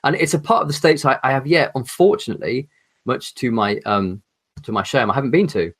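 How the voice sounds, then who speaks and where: English male guest, articulate but halting, mid pitch. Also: slightly rough. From England. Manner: articulate, hesitant with many ums and restarts. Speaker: podcast guest, horror author. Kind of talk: casual chat.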